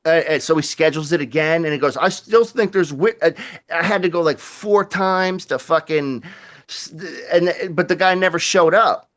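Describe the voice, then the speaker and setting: A man's voice: on the high side, moderate pace. A man telling a rowdy story in casual conversation, swearing freely and acting out sound effects and other people's lines. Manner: animated, swears a lot, acts out quotes and sound effects. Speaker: guest storyteller.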